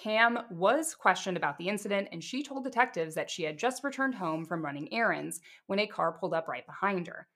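A woman co-hosting a podcast, telling a crime case in a casual, steady way with chatty asides. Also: on the low side, fairly quick, hardly any pauses. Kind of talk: casual true crime storytelling.

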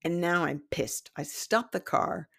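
Fifty-something woman telling a story, kinda low voice, lots of laughing and acting out who said what. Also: measured pace, gravelly, husky. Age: 50s. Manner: animated, laughs often, acts out quoted dialogue. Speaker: psychic development teacher. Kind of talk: casual storytelling monologue.

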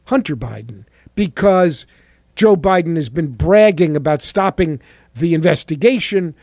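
A man's voice: a little high, animated, measured pace, vocal fry, a little mellow, dry recording, clean studio sound. A middle-aged man hosting a talk radio show, giving sarcastic, mocking political commentary.

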